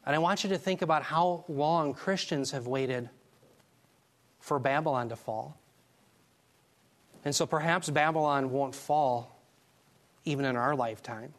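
A man teaching a Bible class, preaching in an emphatic, animated way and taking questions from the class. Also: mid-range voice, a little slow, long pauses. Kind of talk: sermon.

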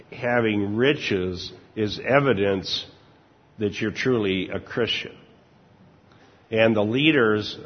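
An older man preaching a conversational sermon with a husky voice, informal and chuckling often. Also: on the low side. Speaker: pastor. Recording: dull lo-fi recording, long church reverb.

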